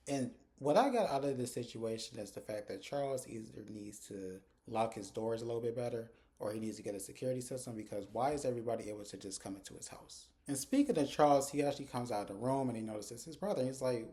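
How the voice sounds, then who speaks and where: A man's voice: mid-range voice, quick pace, few pauses, warm tone. A man talking into his phone camera in a chatty, casual recap of a TV episode, retelling scenes by quoting the characters. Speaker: TV episode reviewer.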